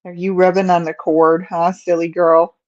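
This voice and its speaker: A woman's voice: fairly low pitch, flat delivery, moderate pace, darkish tone. A woman hosting a casual crochet livestream, cooing in baby talk to her cat between rambling asides, on a slightly dull recording. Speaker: crochet channel host.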